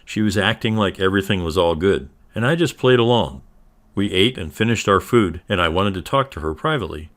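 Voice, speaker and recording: A man narrating a first-person story in a steady, even reading style. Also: low-pitched, fairly quick.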